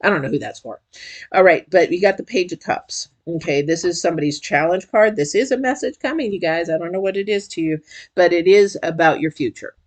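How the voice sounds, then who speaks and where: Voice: mid-range voice, animated, brisk. Chatty emotional tarot reader. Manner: chatty and emotional, addresses viewers directly. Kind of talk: casual intuitive tarot reading to camera.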